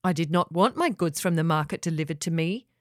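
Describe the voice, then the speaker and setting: A woman's voice: sits low, expressive, brisk, no echo, studio quality. A woman voicing an annoyed young man who complains firmly and bluntly.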